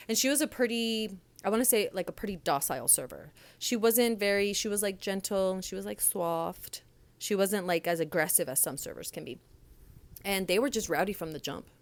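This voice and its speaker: A woman's voice: medium pitch, no room sound. A young woman who works in restaurants and once managed one hosts a podcast and talks in a blunt, sassy way. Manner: blunt, sassy storytelling with lively quoted voices. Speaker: podcast host, restaurant server and former manager. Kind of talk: casual solo podcast monologue.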